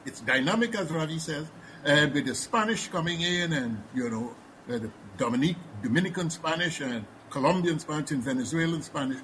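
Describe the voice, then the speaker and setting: Measured Guyanese man, hesitant professorial tone. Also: a little high, fairly bright tone, a little hiss or hum, poor audio. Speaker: panelist. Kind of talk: panel discussion.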